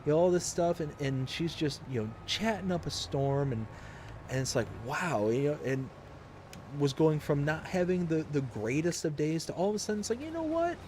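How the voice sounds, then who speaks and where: A man's voice: a little high, lively intonation, moderate pace, darkish tone, slight background noise. A young man from the US South hosting a live game stream, chatting casually and reading chat messages aloud in an upbeat, rambling way. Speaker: livestream host.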